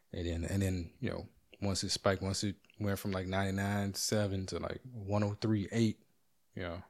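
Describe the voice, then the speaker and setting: Telling a story at home, a middle-aged man rambles through a casual monologue, cursing freely and voicing the other characters himself. He's energetic, with a fairly low voice.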